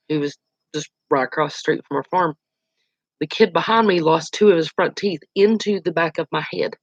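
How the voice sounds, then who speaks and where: A speaker in their forties spins a story in casual, colloquial talk, full of exclamations. The voice sits at a middle pitch. The recording is dull and lo-fi, with a dry, close sound. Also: dry recording. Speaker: outdoors channel host.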